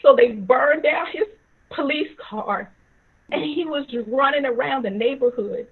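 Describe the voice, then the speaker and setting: A woman voicing an enraged, grieving father who yells through tears. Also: high-pitched, measured pace. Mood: anguished. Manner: shouting, choked with tears. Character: grieving furious father, man in his prime. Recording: tinny phone-like audio.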